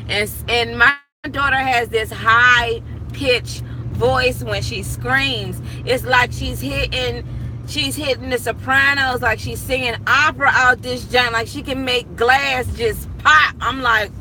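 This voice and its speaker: A woman's voice: a little high, a little slow. A young woman and property manager chatting casually to her viewers, telling stories with frequent laughter, from a parked car on her phone. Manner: chatty, storytelling, laughs often. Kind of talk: casual live chat to viewers. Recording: street noise from outside the car.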